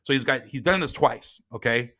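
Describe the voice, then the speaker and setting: A middle-aged man, a guest and author, telling a personal story in casual talk, swinging from quiet reflection to heated retelling. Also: mid-range voice, normal speed.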